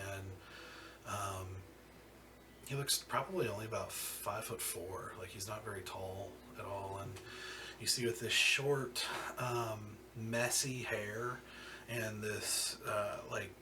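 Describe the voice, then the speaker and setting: A man with a low voice narrating a tabletop game as game master. He talks slowly and haltingly, with lots of fillers and restarts. He sits away from the mic over clear music. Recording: distant mic with music behind.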